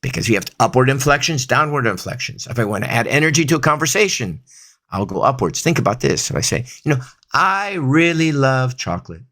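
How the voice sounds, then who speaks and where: A man's voice: mid-range voice, animated, fast talker, pushed and bright, a little hiss or hum. Guy explaining body language cues, acts out little voice examples, keeps asking right?. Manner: demonstrates vocal examples, frequent "right?" asides. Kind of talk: explanatory talk.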